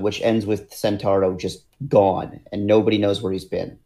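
A man's voice: fairly low pitch, fairly even intonation, moderate pace, few pauses, warm tone. A man co-hosting a casual podcast, speaking earnestly and stretching out his phrases. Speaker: podcast co-host. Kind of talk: casual chat.

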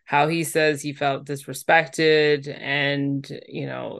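A woman with a somewhat low voice co-hosts a casual podcast. She talks in a relaxed, conversational way and leans on fillers as she thinks aloud. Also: takes it slowly, creaky. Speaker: podcast co-host. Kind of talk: casual reality-TV recap chat.

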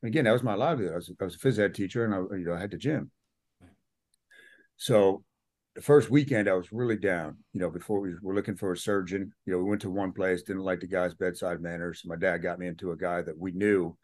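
Man, middle-aged, low voice, dry close sound, casual interview storytelling, acts out quotes. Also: fast talker, darkish tone, no echo. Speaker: podcast guest.

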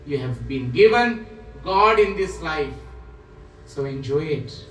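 A man speaking as a guru, giving a spiritual talk in slow, repetitive, emphatic phrases. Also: on the high side, expressive, fairly bright tone, slight background noise. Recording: roomy echo, voice from a distance.

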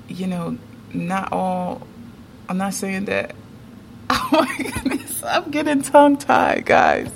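A woman's voice: lowish voice, vocal fry, pushed and bright, a little hiss or hum. A woman talking casually to her viewers in a vlog, chatty and emphatic, often checking in with "okay?". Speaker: vlogger.

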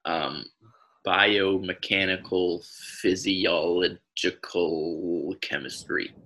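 A young man co-hosting a casual comedy podcast, telling absurd made-up facts in a deadpan way with many filler pauses. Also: deep voice, poor audio. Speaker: podcast co-host.

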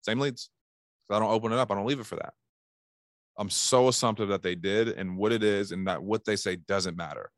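Animated man coaching sales. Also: lowish voice, brisk, no room sound, studio quality. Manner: animated, acts out calls in bursts. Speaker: sales trainer. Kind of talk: casual sales coaching talk.

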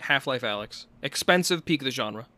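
A man in casual improvised comedy banter, halting and restarting as he thinks aloud, swearing freely. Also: mid-range voice, lively intonation, pushed and bright.

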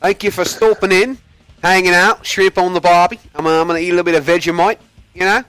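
A man's voice: high-pitched, steady tone, fast talker, fairly bright tone, clear, resonant tone, no room sound, voice pushed up. A man putting on an exaggerated, mocking Australian accent, playing a jokey Aussie bloke. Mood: hammy. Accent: put-on Australian.

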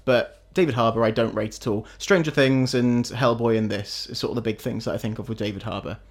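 A man's voice: mid-range voice, fairly even intonation, brisk. A man co-hosting a casual film review chat, opinionated and blunt, often restarting his sentences with a chuckle. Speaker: podcast co-host.

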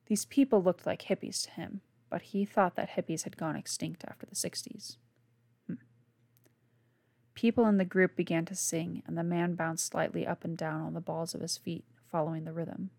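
A woman reading her own novel aloud in a soft, hushed narration. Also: fairly low pitch, fairly even intonation, normal speed, gravelly, dry recording. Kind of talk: scripted narration.

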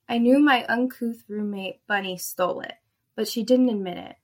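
Young woman reading a spicy story, dry fed-up tone, mid pitch. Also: a bit bright.

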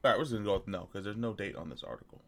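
A man's voice: fairly low pitch, sing-song, racing, a bit bright. A man co-hosting a podcast, chatting casually and teasing his co-host. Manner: laughing, teasing banter. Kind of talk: casual chat.

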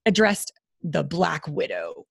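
A woman guest on an interview podcast, talking in an earnest, expressive, spiritual way with sudden bursts of emphasis. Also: lowish voice, slow pace, vocal fry, breathy edge, dry recording, studio quality. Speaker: guest intimacy expert.

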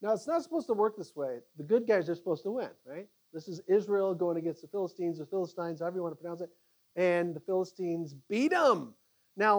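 A man teaching a Bible study to a group, animated and conversational, with frequent halting restarts. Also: sits high.

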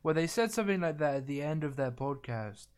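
A man with a fairly high voice chatting on a podcast. He is tentative and a little unsure, often trailing off or restarting his points. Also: animated, a little fast, clean tone. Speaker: podcast co-host. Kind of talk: casual chat.

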